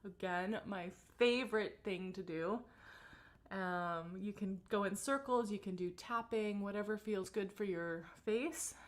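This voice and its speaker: A woman singing teacher leading a guided vocal warm-up on a livestream, relaxed and encouraging as she greets viewers by name. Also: mid-range voice, measured pace.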